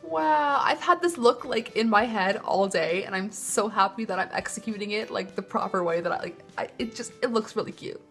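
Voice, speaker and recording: A woman's voice: mid-range voice, moderate pace, few pauses, a bit bright, soft background music. A young woman chatting casually through a makeup tutorial, bubbly and loose, saying "like" often. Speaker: beauty vlogger.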